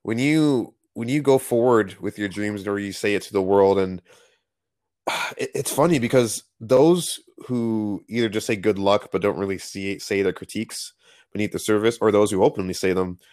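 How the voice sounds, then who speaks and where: A man co-hosting a podcast, chatting casually in a playful, animated way with lots of metaphors. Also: fairly low pitch, normal speed, dry recording, clean studio sound. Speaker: podcast co-host.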